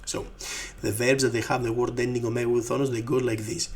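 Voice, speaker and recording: A man with a Greek accent teaching a language lesson, repeating each word slowly and patiently. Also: mid-range voice, little pitch movement, a little mellow, breathy edge.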